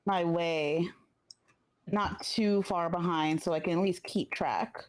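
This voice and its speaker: A woman's voice: lowish voice, steady tone, slow. A woman playing in a tabletop game, talking casually and hesitantly with self-mocking asides. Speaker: player.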